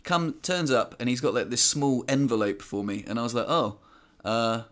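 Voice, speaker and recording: Male podcast co-host, mid-pitched, easy anecdotal delivery. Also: normal speed, a bit bright. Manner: storytelling, self-mocking. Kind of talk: casual chat, anecdotes. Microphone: headphones on, podcast mic.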